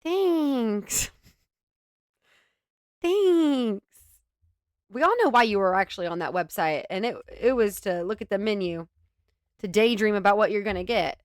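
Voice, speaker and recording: A woman's voice: medium pitch, animated, measured pace, long pauses, dry recording, clean studio sound. A young woman hosting a reaction video, sarcastic and giggly, swearing freely as she comments.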